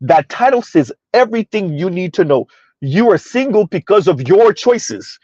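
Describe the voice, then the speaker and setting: A man's voice: high-pitched, very animated, moderate pace, a little mellow, husky, no echo, lo-fi sound. A man doing casual, rambling commentary on a live stream, reading out chat messages as he goes. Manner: rambling, conversational, reads chat aloud.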